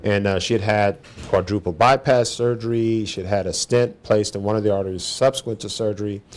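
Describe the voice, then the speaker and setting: A man, a cardiologist, answering interview questions in a measured, thoughtful way with frequent pauses and fillers. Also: on the low side, steady tone, roomy sound.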